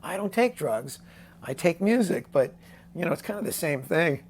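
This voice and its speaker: Older male songwriter guest with a gravelly voice, animated storyteller who acts out the people he quotes. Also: a little high, moderate pace, slight background noise. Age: 60s. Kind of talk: casual storytelling interview.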